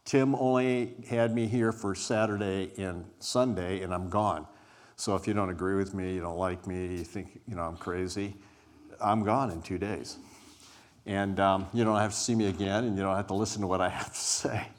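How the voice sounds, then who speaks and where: Deep and steady, this man's voice moves at a moderate pace as he preaches as a guest before a live church hall congregation. His sermon feels conversational and welcoming, and he dramatizes scenes from scripture.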